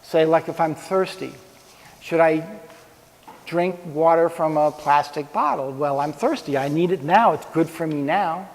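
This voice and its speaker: A man's voice: fairly high pitch, measured pace. A man giving an informal, conversational talk on ethics to a live audience, with props and pointing. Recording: long reverb of a hall.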